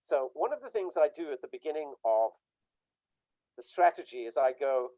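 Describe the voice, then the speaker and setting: A man's voice: on the high side, sing-song, moderate pace, no room sound. Emphatic man telling stories over a dry, lo-fi call. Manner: emphatic storytelling, acts out quoted dialogue. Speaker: workshop speaker on burnout. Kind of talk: informal online talk.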